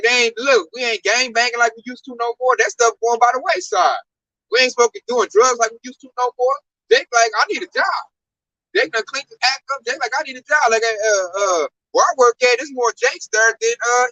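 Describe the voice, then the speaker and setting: Man, high bright voice, emphatic slangy talker, distant dry recording. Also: fairly quick, no echo, muffled recording. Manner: emphatic, slangy, animated storytelling. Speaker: discussion speaker. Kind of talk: casual religious discussion. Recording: distant mic, dry sound.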